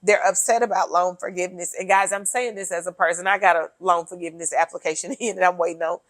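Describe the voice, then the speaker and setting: A woman's voice: lowish voice, steady tone, quick pace, a bit bright, dry recording. A woman co-hosting a casual political chat, emphatic and sardonic as she lays out her points one by one. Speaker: podcast co-host.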